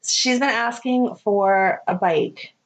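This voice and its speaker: Casting: middle-aged woman, chatty podcast co-host, casual animated storytelling. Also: mid-range voice, takes it slowly. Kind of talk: casual chat.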